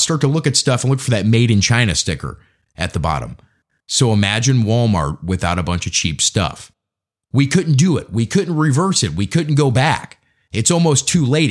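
An American man hosting a podcast, delivering a profane, conversational opinion rant. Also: medium pitch. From United States. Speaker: podcast host. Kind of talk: opinion monologue.

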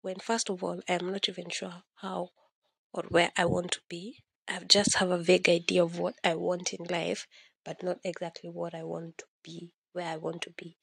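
Kenyan woman with a gravelly, low voice. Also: completely flat delivery, moderate pace, no echo. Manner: rambling and emotional, mixing Swahili slang into English. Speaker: podcast host. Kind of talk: candid solo podcast chat.

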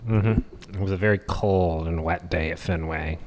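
A man's voice: sits low, steady tone, normal speed, long reverb tail, background noise. A man hosting a political podcast, talking in a wry, sarcastic, rambling way. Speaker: podcast host.

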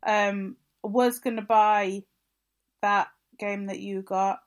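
A woman co-hosting a gaming podcast, chatting casually and telling stories with animated enthusiasm. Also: medium pitch, slow pace. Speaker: podcast co-host. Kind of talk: casual chat.

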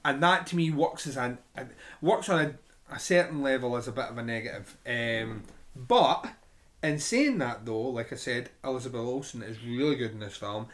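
Man, film review chat, rambling, hesitant restarts, mid-pitched voice. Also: animated, moderate pace, fairly bright tone. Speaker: film podcast co-host.

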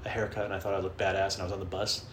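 A man's voice: low-pitched, flat delivery, racing, a bit bright, slight background noise. Male podcast host, casual profane comic rambler, mimics voices; roomy echo. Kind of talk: casual comedic monologue. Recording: echoey room, faint background.

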